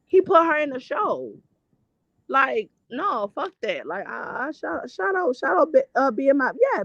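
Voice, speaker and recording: A high, fairly bright voice belongs to this woman hosting a casual gossip session with no room sound. She speaks bluntly and profanely, starting and restarting as she rambles. The sound is dull, dry, and lo-fi.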